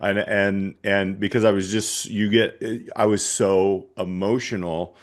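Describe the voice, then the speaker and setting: A man's voice: fairly low pitch, little pitch movement, measured pace. A man hosting an interview, reflective and candid, with hesitant restarts. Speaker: podcast host. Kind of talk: conversational interview.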